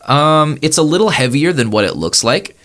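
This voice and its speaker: Bright-voiced man running a tabletop game. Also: a little high, animated, normal speed. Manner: laid-back narration with many "um"s. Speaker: game master.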